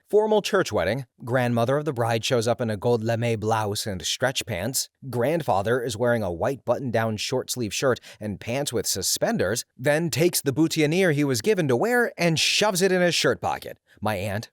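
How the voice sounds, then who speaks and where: A man narrating scripted stories in an expressive, animated way. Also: mid-range voice, no echo, studio quality. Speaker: story reader.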